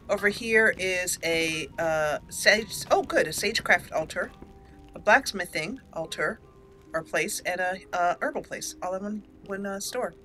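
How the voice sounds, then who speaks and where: A woman's voice: lowish voice, sharp tone, rough recording. A woman hosting a let's play, chatting casually over gameplay, giggly and talking back to the characters on screen.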